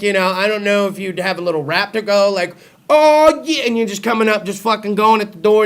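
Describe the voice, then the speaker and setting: A man's voice: sits high, a bit bright. A young adult man hosting a talk show, running a crude, profane comedy monologue and teasing his co-host.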